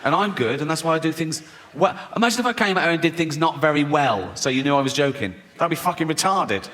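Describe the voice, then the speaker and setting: A man's voice: on the high side, lively intonation, fast, noisy background. A male stand-up comedian with an English accent, mocking and sweary, acting out bits of voices in a live show. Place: large theatre with audience.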